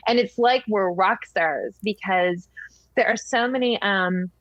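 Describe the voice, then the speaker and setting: A middle-aged woman guest gushing through animated stories in a casual interview. Her audio sounds dull and muffled, with a dry, close sound. She talks with effusive enthusiasm. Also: medium pitch, unhurried, no echo. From Wisconsin.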